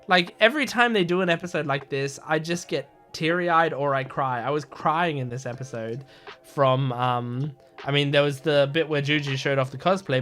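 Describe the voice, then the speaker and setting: Gushing, rambling guy, fairly high voice. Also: fairly bright tone. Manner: rambling, gushing and earnest, many restarts. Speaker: anime reaction host. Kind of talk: casual reaction commentary.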